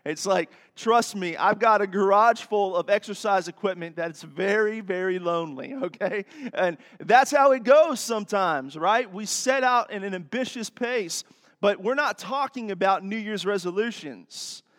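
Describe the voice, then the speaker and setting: Male pastor, folksy and chatty, high voice, long church reverb. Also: normal speed, a bit bright. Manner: folksy, chatty, audience asides. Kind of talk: sermon with jokes. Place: church sanctuary.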